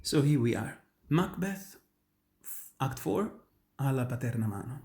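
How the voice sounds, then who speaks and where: A man's voice: medium pitch, expressive, unhurried, a little mellow. A man from Italy, a native Italian speaker with an Italian accent, explaining an opera aria to students in an earnest, emphatic way, often restarting his sentences. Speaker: opera tenor and voice teacher. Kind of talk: instructional talk on singing.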